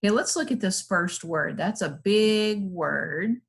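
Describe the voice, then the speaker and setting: Slow, patient phonics teacher woman. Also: medium pitch, expressive, gravelly. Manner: patient, encouraging, sounds out letters slowly. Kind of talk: slow, clear teaching to young children.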